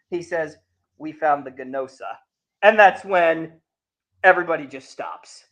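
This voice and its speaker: A man with a fairly high speaking voice hosts a relaxed anime discussion. He retells episodes with lively energy and acts out the characters' dialogue as he goes. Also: a little slow, dull audio. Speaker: podcast host. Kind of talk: casual anime review chat.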